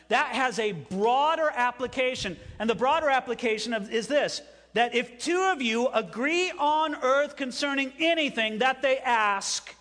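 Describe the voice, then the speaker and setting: A man's voice: very high-pitched, a bit bright, in a large hall. A man preaching an evening sermon to a congregation, stressing phrases and asking the room questions. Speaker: pastor.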